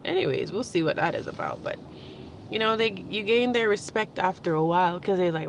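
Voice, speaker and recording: A woman's voice: lowish voice, very animated, brisk, creaky, a little hiss or hum. A young adult woman talking in a casual, rambling vlog, emotional and laughing now and then. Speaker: vlogger. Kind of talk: casual spiritual vlog monologue.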